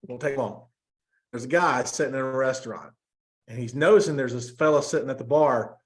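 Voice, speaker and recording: A man's voice: mid-range voice, a little fast. A man on a team call telling a humorous story in a folksy way, voicing the characters as he goes. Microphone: online call.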